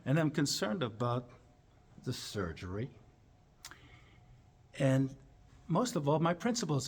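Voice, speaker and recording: Animated male chiropractor for a comic speech, husky, pitched a bit high. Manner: animated, acting out lines with big jumps in pitch and volume. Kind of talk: humorous storytelling speech.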